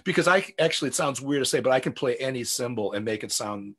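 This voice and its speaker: A middle-aged man talking casually as an interview guest. He rambles and restarts often, leaning on "you know" between thoughts. His voice sits at an ordinary middle pitch. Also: animated, fast talker, fairly bright tone, husky. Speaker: guest drummer.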